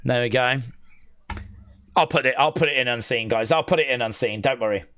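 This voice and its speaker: A man giving excitable, jokey play-by-play on a live wrestling watch-along and reading viewer comments aloud. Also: mid-range voice, fairly quick.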